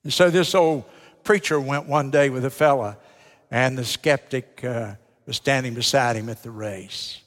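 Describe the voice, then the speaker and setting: An older American man delivers a folksy, emphatic Baptist sermon, asking the congregation rhetorical questions. His voice sits in the mid range and he speaks unhurriedly, with a long hall reverb on the recording.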